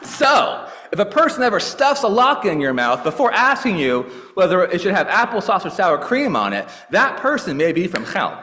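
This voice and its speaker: A man tells a folk tale to a congregation in a lively, playful way and laughs often. His voice is fairly high and swings widely in pitch. The sound carries the long reverb of an echoey synagogue hall. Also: moderate pace, hardly any pauses. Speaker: congregation leader. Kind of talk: storytelling and announcements at a service.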